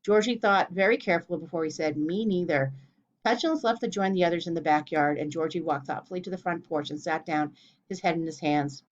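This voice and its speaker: A woman reading a children's storybook aloud in a clear, steady way. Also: fairly low pitch, fast. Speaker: narrator. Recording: dull lo-fi recording.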